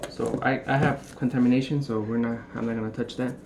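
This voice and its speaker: A young man casually showing how to prep a brisket at home, rambling and cracking jokes as he works. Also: medium pitch, fairly even intonation, creaky. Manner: joking, rambling, swears casually. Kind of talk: casual cooking demonstration. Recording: noisy room ambience.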